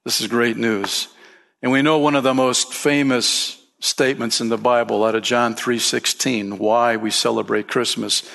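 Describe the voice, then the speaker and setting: A man's voice: medium pitch, fairly even intonation, normal speed, vocal fry, a bit bright. A man preaching a sermon as pastor, emphatic, lifting his voice for key points and calling listeners "man" and "friend".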